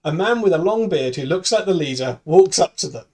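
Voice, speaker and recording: A man's voice: on the high side, animated, brisk, darkish tone. A man streaming, reading out a script's stage directions in a casual way with friends. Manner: reads stage directions aloud, bursts into laughter.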